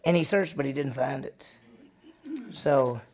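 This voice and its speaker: A male pastor, preaching a sermon and retelling a story with animated delivery, acting out the characters' lines. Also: medium pitch, measured pace.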